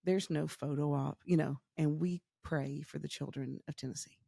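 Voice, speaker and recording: A woman's voice: low-pitched, moderate pace, gravelly, slightly rough, dry recording, studio quality. A woman, a nonprofit founder telling her story in a casual interview and acting out the voices of the people in it. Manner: lively storyteller acting out quotes.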